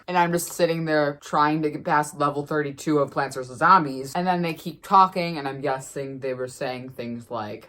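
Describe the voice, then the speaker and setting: A woman casually telling a story to the camera as a vlogger, chatty and animated, with lots of fillers. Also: low voice, moderate pace, few pauses.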